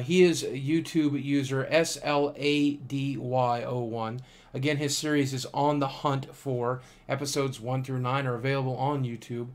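A tired man talks through his fan mail in a casual, thankful way, and he sounds like he is coming down with a cold. His voice sits at an ordinary middle pitch, and he fills his pauses with an easy "uh" and "um". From United States. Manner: warm, thankful, chatty with filler pauses. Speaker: YouTuber reading fan mail. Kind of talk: casual vlog chat.

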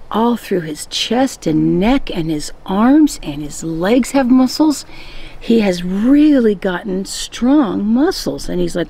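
Husky, low-voiced woman teaching devotionally. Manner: conversational, gentle storytelling. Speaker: devotional podcast host.

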